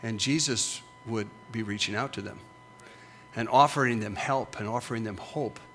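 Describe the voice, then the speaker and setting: A man's voice: lowish voice, moderate pace, fairly bright tone, slight background noise. A middle-aged man preaching as a pastor, with emphatic, punchy repetitions that rise and fall. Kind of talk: sermon.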